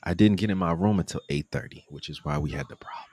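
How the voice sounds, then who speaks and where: A man casually recounting his trip during a live stream, animated, acting out the people he met. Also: quick pace, slight background noise. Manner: animated, acts out quoted people in a higher voice. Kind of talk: casual storytelling.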